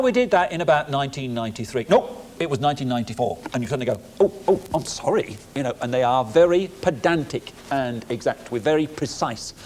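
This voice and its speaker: A man with an English accent giving an explanatory lecture, measured with dry humour. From England. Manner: lively, animated delivery with big pitch jumps. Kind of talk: recorded educational lecture. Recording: faint background noise, old VHS tape.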